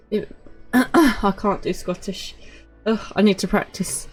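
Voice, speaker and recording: A woman's voice: fairly low pitch, lively intonation, unhurried, faint music behind. A woman streaming a video game, chatting casually and poking fun at herself as she plays. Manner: chatty, self-mocking and apologetic. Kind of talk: casual live-stream commentary.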